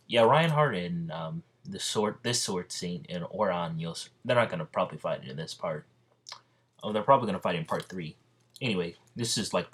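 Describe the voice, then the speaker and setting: A man with a low voice retells an imagined story in a casual, rambling way. He stops often for ums and restarts, and sounds a little out of breath. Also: fairly bright tone, breathy edge. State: slightly out of breath. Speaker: fan narrating an imagined crossover story.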